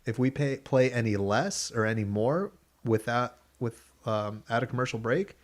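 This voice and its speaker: A young man co-hosting a podcast, telling a story in casual chat, animated and slipping into voices for the people he quotes. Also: medium pitch, moderate pace. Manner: animated, acts out voices in quotes, laughs often. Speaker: podcast co-host.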